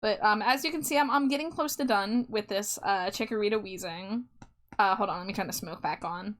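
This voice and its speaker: A woman's voice: mid-range voice, fairly quick, a bit bright. A woman artist hosting a live stream, chatting casually in a friendly way and laughing often. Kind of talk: casual chat.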